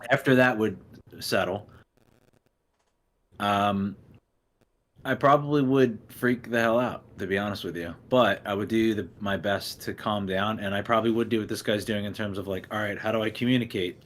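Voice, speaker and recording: A man's voice: on the low side, fairly even intonation, moderate pace, a bit bright. A man co-hosting a casual video chat, talking in a loose, rambling and jokey way. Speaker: co-host.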